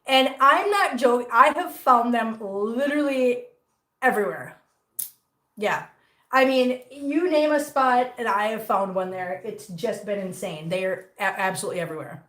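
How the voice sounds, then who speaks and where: A middle-aged woman who runs a cat channel hosts a casual livestream from a room at home, teasing and reading viewer comments aloud as she chats about her cats. Her voice is fairly high and sharp, her pace moderate, and the room sounds echoey.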